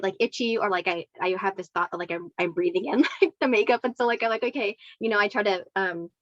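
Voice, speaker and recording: A woman of middling pitch speaks in a casual interview, rambling with plenty of "like" and "you know" and warmly agreeing. Her audio is muffled and lo-fi, with no room sound at all. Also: no room sound. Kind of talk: casual video-call interview. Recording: dull, dry lo-fi audio.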